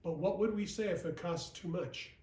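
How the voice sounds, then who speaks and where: This regional vice president has a high, somewhat mellow voice and talks at a normal speed. His recorded sales training is plain-spoken and repetitive, with frequent "okay?" check-ins. The room echoes and the microphone sits far from him.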